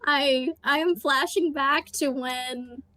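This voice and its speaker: High-voiced woman, sheepish and dry. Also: slow pace, bright, forceful tone, no room sound. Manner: sheepish, laughing at herself. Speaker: voice actor. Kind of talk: casual panel discussion.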